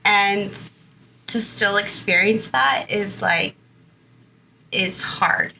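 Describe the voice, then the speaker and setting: A woman's voice: medium pitch, drawn-out words, gravelly, noisy background. A woman in her thirties from Southern California, a guest in an interview, telling her own story in a chatty way full of "like" and "you know".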